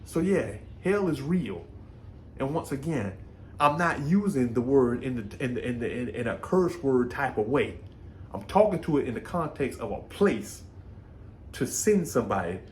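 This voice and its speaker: Animated, folksy man with a lively voice. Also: mid-range voice, slight background noise. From Brooklyn, New York. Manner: animated, folksy, repeats words while thinking. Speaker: faith vlogger. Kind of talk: casual faith talk.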